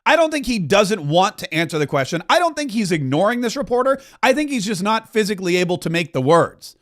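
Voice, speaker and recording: A man from Florida hosts a political commentary podcast in a fairly high voice. He riffs loosely and mocks his subjects with sarcastic asides. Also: big pitch swings, fairly quick, fairly bright tone. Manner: mocking, riffing asides. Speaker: podcast host.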